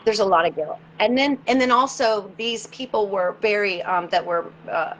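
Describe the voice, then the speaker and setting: A woman guest in an interview, telling a personal story in an earnest, halting way and often repeating words as she searches for them. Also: mid-range voice, fairly bright tone, poor audio.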